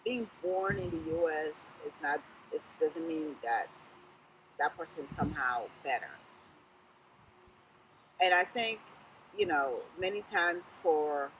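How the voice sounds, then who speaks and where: A woman's voice: deep voice, a little slow, pauses often, fairly bright tone, a little hiss or hum, rough recording. A woman with a Southern US accent, a political candidate speaking in an interview in an emphatic, encouraging way that repeats key phrases. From Sierra Leone. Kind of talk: casual interview talk.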